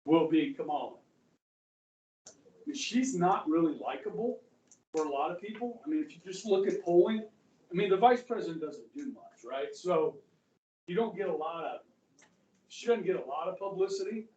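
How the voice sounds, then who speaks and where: A man's voice: sits high, lively intonation, normal speed, pauses often, mellow, dull audio. A male history teacher giving a chatty, rambling classroom lecture and often checking in with students. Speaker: high school history teacher. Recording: echoey classroom from far off.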